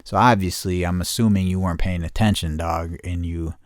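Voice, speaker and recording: Low-voiced swearing man telling a story. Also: steady tone, brisk, no room sound, studio quality. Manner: heavy swearing, rambling, laughs often. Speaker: podcast host. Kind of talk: casual storytelling.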